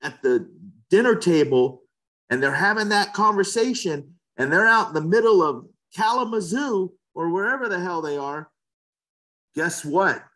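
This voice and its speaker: Passionate, opinionated man, fairly high voice. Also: lively intonation, normal speed, a bit bright. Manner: passionate and opinionated, repeats words as he talks. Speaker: real estate agent. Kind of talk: casual conversational interview.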